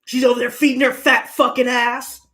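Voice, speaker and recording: A woman's voice: on the high side, little pitch movement, fairly quick, fairly bright tone, close to an everyday voice. A woman retelling the words of a rude, foul-mouthed middle-aged male neighbor in her own voice. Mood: taunting. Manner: cursing, taunting.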